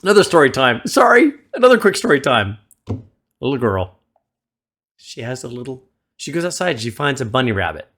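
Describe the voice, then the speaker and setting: A man hosting a music reaction video, gently advising the viewer like a mentor into a desktop studio mic. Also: medium pitch, big pitch swings, moderate pace, long pauses. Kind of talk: casual reaction commentary. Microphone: desktop USB studio microphone.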